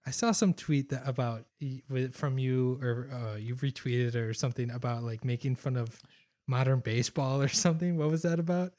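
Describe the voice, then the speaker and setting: A young man in casual movie chat, laid-back and making dry quips, often speaking quietly. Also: mid-range voice, fairly even intonation, normal speed.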